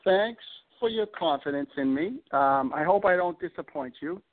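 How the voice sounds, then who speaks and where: A man's voice: on the high side, lively intonation, normal speed. A man with a Boston accent, a modest and hesitant interview guest who speaks with lots of fillers. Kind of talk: casual interview chat. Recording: tinny phone line.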